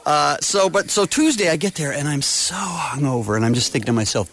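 A man's voice: a little high, animated, brisk, hardly any pauses, a bit bright. A man chatting casually as a radio host, self-mocking and rambling as he tells a story about a recording session.

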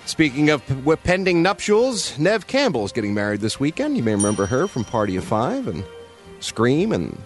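A man's voice: mid-range voice, wildly swooping pitch, normal speed, faint music behind. A man hosting a radio show, reading entertainment news in wry, joking casual banter with frequent laughs.

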